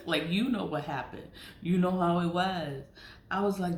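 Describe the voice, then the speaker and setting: Middle-aged woman, casual confessional storyteller: blunt, profane, quick to laugh; echoey room. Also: lowish voice. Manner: blunt and candid, swears freely, laughs between lines. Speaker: spiritual content creator. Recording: roomy echo.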